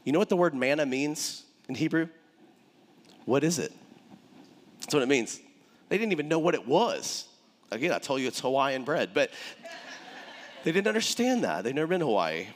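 A man preaching a sermon as pastor, animated and conversational, with dramatic pauses. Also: a little high, long reverb tail.

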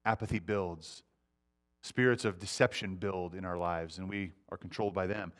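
Earnest preacher with hushed phrase endings. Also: male voice, sits low, fairly even intonation, moderate pace. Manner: earnest, often dropping to a quiet hush at phrase ends; repeats words as he restarts. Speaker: pastor. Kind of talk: sermon.

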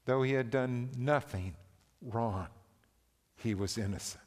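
A man preaching a sermon, reading a story and scripture aloud in a slow, earnest, deliberate manner. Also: mid-range voice, darkish tone. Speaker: pastor. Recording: long reverb of a large hall.

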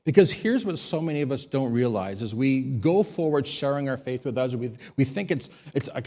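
A man's voice: mid-range voice, expressive, fairly quick, few pauses. Man preaching a storytelling sermon. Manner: storytelling, rising to loud emphatic peaks. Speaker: pastor.

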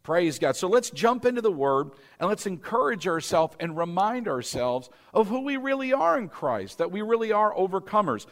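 A man preaching a sermon as pastor, leading the congregation in call-and-response and building to emphatic, louder peaks. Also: sits high, very animated, normal speed, hardly any pauses.

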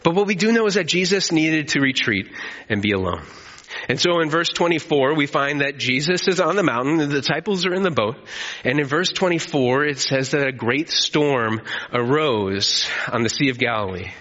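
A man preaching a sermon as pastor, telling the story with animated energy and calling on the congregation to respond. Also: fairly high pitch, normal speed. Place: church hall. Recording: echoey hall, slightly dull.

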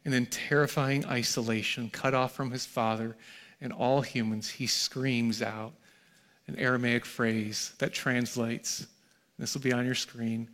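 A man's voice: medium pitch, fairly even intonation, unhurried. Preaching man with dramatic swings. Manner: dramatic swings from hushed to shouted. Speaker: pastor. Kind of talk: sermon. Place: church hall, live before a congregation.

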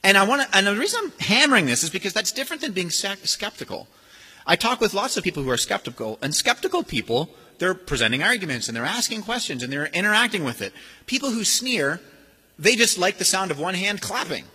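Animated preacher, husky, in a reverberant hall. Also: male voice, high-pitched, fast talker. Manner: animated, acts out sneering voices. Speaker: pastor. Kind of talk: sermon. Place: church sanctuary.

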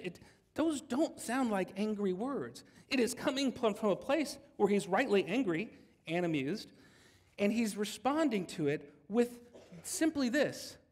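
A man gives a sermon from the pulpit in an easy, conversational manner. His voice sits a touch higher than most men's. The church hall around him adds a long, lingering reverb. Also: breathy edge. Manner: conversational, jokes with the congregation. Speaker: pastor.

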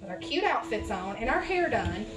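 A woman's voice: on the high side, very animated, normal speed, distant mic. Southern woman preacher, fervent and conversational, echoey church recording, music behind. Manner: builds to fervent, rising exhortation; conversational, addresses congregation as y'all. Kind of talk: sermon. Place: church sanctuary.

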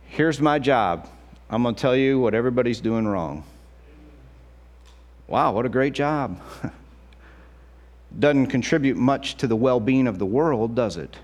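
A middle-aged male pastor preaching a sermon in an animated, conversational way, acting out quotes as he goes. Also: medium pitch, unhurried, pauses often.

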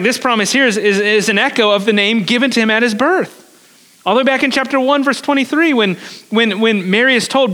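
A man's voice: high-pitched, sharp tone. A man preaching a sermon to a congregation, explaining step by step, repeating words as he goes and putting questions to his listeners. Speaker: pastor. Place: church service.

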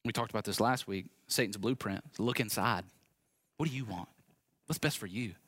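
A man's voice: fairly low pitch, moderate pace, fairly bright tone, dry recording, clean studio sound. Wry, conversational male preacher. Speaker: pastor. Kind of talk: sermon.

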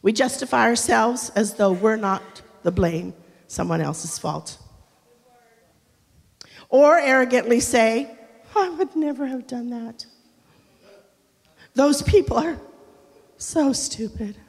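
A middle-aged woman pastor preaching a humorous, animated sermon, acting out quotes and swinging between loud and quiet. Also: a little high, takes it slowly, vocal fry, long pauses. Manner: animated, humorous, acts out quotes with big shifts in loudness. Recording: long reverb of a large hall.

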